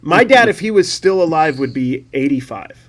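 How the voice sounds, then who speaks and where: A man's voice: fairly high pitch, lively intonation, normal speed, fairly bright tone. A man chatting easily and laughing along on a podcast. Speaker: podcast co-host. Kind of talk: casual chat.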